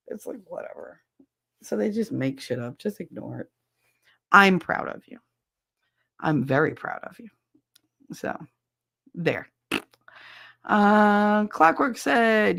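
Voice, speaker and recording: Gravelly low-voiced woman chatting bluntly. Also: animated, unhurried, long pauses, dry recording, studio quality. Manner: blunt, swears freely, chatty. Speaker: podcast host reading listener chat. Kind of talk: casual chat.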